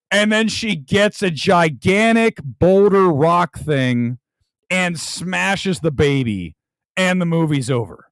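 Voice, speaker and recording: A man hosting a movie talk livestream, ranting in an animated way and reading viewer comments aloud. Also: fairly high pitch, moderate pace, smooth, no room sound. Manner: animated, ranting, reads viewer super chats. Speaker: movie talk show host. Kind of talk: livestream movie review chat.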